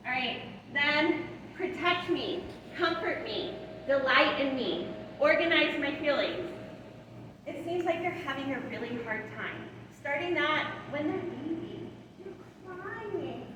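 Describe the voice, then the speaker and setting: Middle-aged woman trainer, high voice, "right?" after points, taped from afar in a hall with noise. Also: lively intonation, measured pace. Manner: tags lines with "right?" and "all right?"; acts out soothing words to a child. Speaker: guest speaker on attachment. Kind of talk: training talk to foster and adoptive parents. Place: large hall. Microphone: room mic far from the speaker. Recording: echoey hall from far off, noisy.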